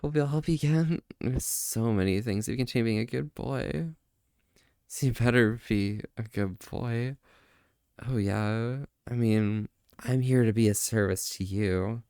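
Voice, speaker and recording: A man's voice: medium pitch, measured pace, a little mellow, smooth, no room sound. Playful flirty male streamer, dry sound. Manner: playful and flirty, often laughing, stammers. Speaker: livestream host. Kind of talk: casual live-stream chat.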